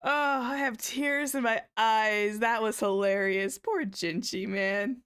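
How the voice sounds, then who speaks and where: A woman's voice: on the high side, slow, a bit bright, clean tone. A woman hosting a casual anime watchalong stream, chatting to her viewers and breaking into giggly, squealing reactions. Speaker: VTuber host of an anime watchalong.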